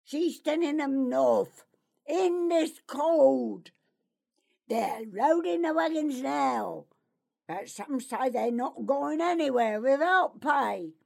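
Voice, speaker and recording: A woman reading an audiobook, voicing a nervous, gossiping male outlaw guard with a gravelly, anxious voice. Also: sits high, lively intonation, takes it slowly, a little mellow, pitched above the performer's own voice, full character voice. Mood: grumbling. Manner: anxious, grumbling. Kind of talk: audiobook character voice.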